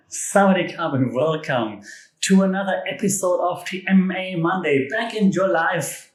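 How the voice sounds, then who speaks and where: A man's voice: sits high, moderate pace. A man from Europe hosting a solo podcast, talking casually with enthusiasm, emphatic jokey asides and restarts. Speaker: podcast host. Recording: echoey room.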